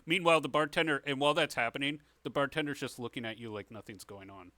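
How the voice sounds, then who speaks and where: A man's voice: medium pitch, quick pace, pushed and bright, no room sound, clean studio sound. A man narrating a tabletop game as game master, casual and self-correcting.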